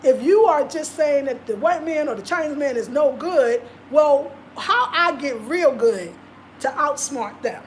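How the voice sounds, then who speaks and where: A woman's voice: high voice, lively intonation, a little slow, slight background noise. A woman vlogger talking casually and passionately, repeating her points for emphasis. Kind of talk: casual live-stream talk.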